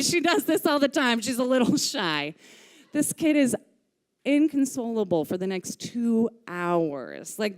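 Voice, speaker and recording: A woman telling a personal story live on stage into a microphone, candid and lively, swearing casually. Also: a little high, clear, resonant tone. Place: stage of a live music venue.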